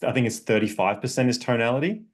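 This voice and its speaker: A man's voice: mid-range voice, lively intonation, fast. A man speaking as a relationship coach on a podcast, explaining emphatically with examples and frequent check-ins. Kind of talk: casual podcast conversation.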